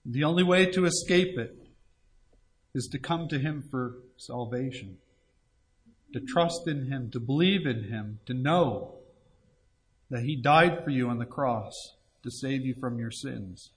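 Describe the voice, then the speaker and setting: A man's voice: mid-range voice, unhurried. A man preaching an evangelistic sermon, earnestly pleading and reading scripture aloud. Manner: earnest pleading, reads scripture aloud in old-fashioned wording.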